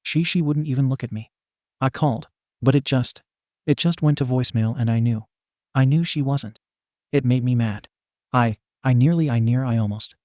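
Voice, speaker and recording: A man's voice: medium pitch, a little mellow, no room sound, natural voice. An anxious teenage girl stammers out her apology, read by a man. Her words halt and restart, in an ordinary middle voice. The sound is dry and close. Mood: tearful. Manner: halting, stammering. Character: anxious teenage girl hero student, tearful.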